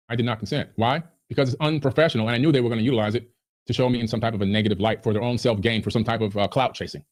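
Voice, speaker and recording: Rapid-fire indignant man. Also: medium pitch. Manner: heated, indignant. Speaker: podcast guest. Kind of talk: agitated podcast rant.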